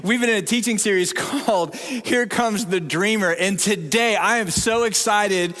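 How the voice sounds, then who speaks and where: In a church sanctuary with long, echoing reverb, a pastor preaches, telling stories with humor at his own expense. His voice sits high and a little bright, at a moderate pace.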